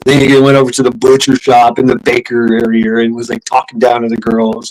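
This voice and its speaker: A man's voice: medium pitch, monotone, a little fast, darkish tone, rough recording. A man streaming, telling a story in a casual, rambling way, swearing often, laughing and restarting his sentences. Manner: profane, laughing, full of fillers and restarts. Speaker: live streamer.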